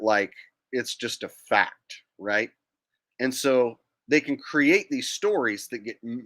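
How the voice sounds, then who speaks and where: A man's voice: medium pitch, a bit bright. A man hosting a livestream, talking casually in a sarcastic, mocking tone and now and then mimicking people in silly voices. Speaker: livestream host.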